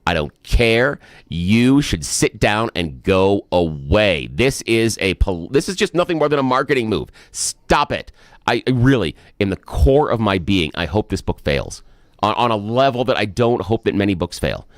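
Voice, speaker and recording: Talk radio co-host, middle-aged man, low voice, fired-up and indignant, dry studio sound. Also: big pitch swings, moderate pace, dry recording. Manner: emphatic, indignant ranting.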